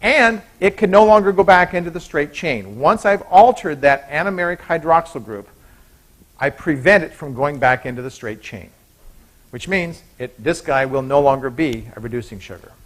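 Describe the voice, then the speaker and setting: A man's voice: fairly high pitch, animated, moderate pace, fairly bright tone. A man giving a university biochemistry lecture in a chatty way, often stopping to correct himself. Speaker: biochemistry professor.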